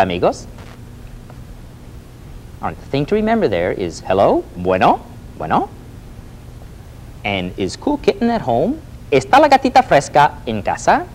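A man teaching a lively Spanish lesson, repeating phrases for students to echo and coaxing them with a questioning "Hmm?". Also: fairly high pitch, normal speed, pauses often. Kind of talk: lively spoken language lesson.

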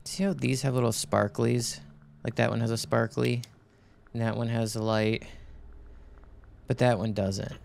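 Creaky-voiced man commenting on a game. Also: medium pitch, level tone, measured pace, pauses often, darkish tone, slight background noise. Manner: rambling, reads game text aloud, swears when startled. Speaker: gamer playing a horror game. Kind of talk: casual let's-play commentary.

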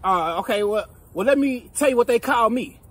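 A man's voice: very high voice, animated, moderate pace, a bit bright, breathy edge. A man acting in a comedy skit, talking in slang and complaining back.

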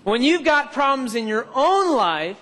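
Male preacher with a strikingly high voice, testifying and calling for amens; sermon heard in a church hall with a long echo. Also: sing-song, measured pace, bright, forceful tone.

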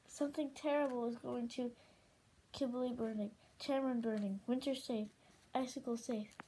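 A woman's voice: fairly high pitch, fairly even intonation, moderate pace, mellow, a little hiss or hum, lightly acted, poor audio. A woman voicing a frightened young female dragon with visions, talking in a frantic, pleading way.

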